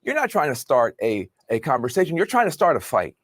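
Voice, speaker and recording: A man's voice: medium pitch, wildly swooping pitch, a little fast, no echo. A man making a firm, emphatic point in a broadcast commentary clip.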